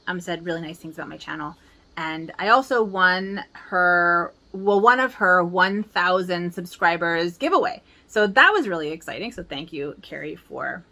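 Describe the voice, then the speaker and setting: Chatty woman in her 40s, bright voice, rambly stitching vlog at home. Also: lowish voice. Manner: chatty, upbeat, rambling with fillers. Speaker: cross-stitch vlogger. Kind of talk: casual chat.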